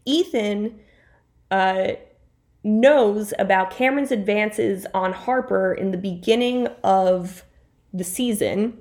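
A woman's voice: medium pitch, a little mellow. A woman co-hosting a casual podcast, chatting through a TV recap with playful asides and self-corrections. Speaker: podcast co-host.

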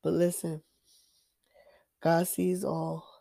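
Speaking slowly in a low, level, creaky voice with a dark tone, this Christian vlogger tells her own faith testimony. Her delivery is casual and preachy, emphatic, full of repetition and frequent restarts.

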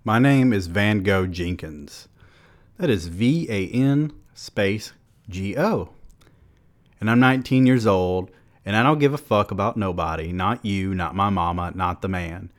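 A man putting on a bitter nineteen-year-old telling a brutal dream in blunt dialect, the voice pitched a bit lower than most men's. He sounds flat and hardened, spinning the story like a storybook told from inside a troubled head. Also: a little slow. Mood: defiant.

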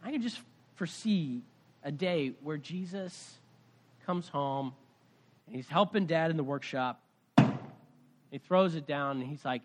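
A pastor preaching a conversational sermon, telling a story with swings between loud and soft. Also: male voice, on the high side, measured pace, pauses often.

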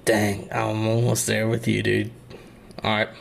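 A man in his thirties trading dad jokes in a casual chat, with a slow, drawn-out delivery and hesitant ums between jokes. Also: fairly low pitch, completely flat delivery, gravelly, a little hiss or hum. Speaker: joke teller in a try-not-to-laugh game. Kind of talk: casual joke swapping.

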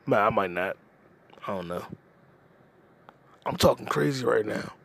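A man hosting a comedy podcast, ranting casually with lots of profanity and quick jumps between topics. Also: on the low side, lively intonation, creaky, fairly bright tone. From United States. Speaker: podcast host.

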